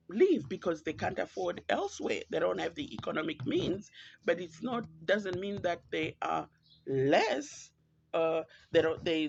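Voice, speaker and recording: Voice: medium pitch, vocal fry, slightly rough. A podcast host from Zimbabwe, with a Zimbabwean accent, giving earnest, reflective and pointed solo commentary. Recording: dull lo-fi, dry.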